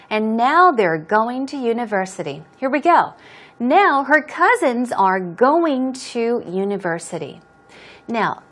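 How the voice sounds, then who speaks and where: A woman teaching English, patiently going through a dialogue and explaining words and stress step by step. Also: on the high side.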